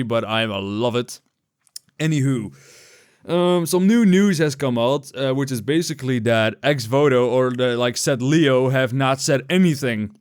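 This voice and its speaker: A man's voice: mid-range voice, smooth, no echo, studio quality. A young man giving unscripted, rambling commentary, casual and profane, with many fillers and restarts. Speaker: YouTube commentator.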